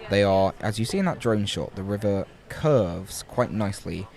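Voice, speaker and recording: A man's voice: lowish voice, animated, normal speed, vocal fry, a little mellow. A young man commentating live at an outdoor rowing regatta, chatty and playful with wordplay.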